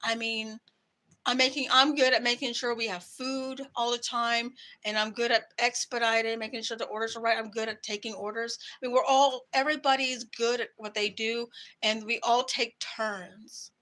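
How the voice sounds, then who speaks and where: Woman, vlogger, angry rant to camera, swearing, raised pitch, bright forceful tone. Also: flat delivery, normal speed. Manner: heated, profane venting.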